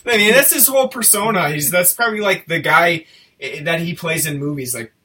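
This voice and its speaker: A man's voice: fairly high pitch, fairly quick, bright, forceful tone, distant mic. A man co-hosting a casual movie review chat, rambling and self-interrupting as he talks, often laughing. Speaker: podcast co-host.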